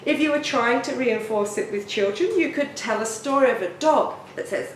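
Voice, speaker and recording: A middle-aged woman, a parenting author and teacher, giving parenting tips in a gentle, encouraging way. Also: fairly high pitch, normal speed, hardly any pauses, far from the mic, a little hiss or hum. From Australia. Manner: gentle, encouraging, expressive storytelling. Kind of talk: talking-head parenting tips. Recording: roomy room, mic set back, faint ambience.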